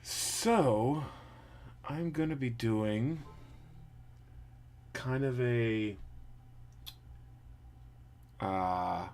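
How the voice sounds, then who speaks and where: A man's voice: mid-range voice, extremely slow, long pauses, darkish tone. A man casually chatting to his livestream viewers while painting a model, rambling with lots of fillers. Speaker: streamer painting a 3D print.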